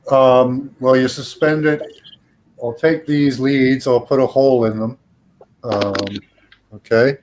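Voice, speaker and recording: A man's voice: medium pitch, fairly even intonation, slow pace, darkish tone, slight background noise, low-quality recording. A man in a casual group voice chat, explaining things step by step with fillers. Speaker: chat participant.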